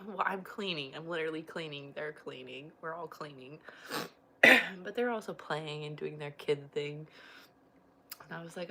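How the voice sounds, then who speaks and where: A woman's voice: sits low, moderate pace, sharp tone, a little hiss or hum, poor audio. A woman in her thirties hosting a casual livestream, chatty and emotional, laughing often as she rambles to her viewers. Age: 30s. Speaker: livestream host and mother. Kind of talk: casual livestream chat, reading viewer comments.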